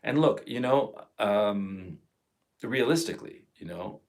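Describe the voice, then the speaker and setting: A man's voice: lowish voice, lively intonation, takes it slowly. A man in his fifties ranting on a live stream, emotional and profane. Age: 50s. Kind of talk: angry live stream monologue.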